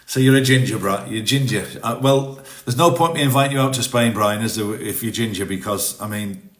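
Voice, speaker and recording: A man's voice: fairly low pitch, fairly quick, a bit bright. A chatty man with a mixed British accent, part Welsh, Manx and Teesside, rambling casually on a phone live stream from his home and answering viewer comments. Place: home in Spain. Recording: roomy echo.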